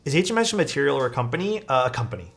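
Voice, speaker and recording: A man's voice: medium pitch, racing, gravelly. Casual streamer man chatting while building. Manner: relaxed, chatty, reads and answers chat while working. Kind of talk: casual livestream chat.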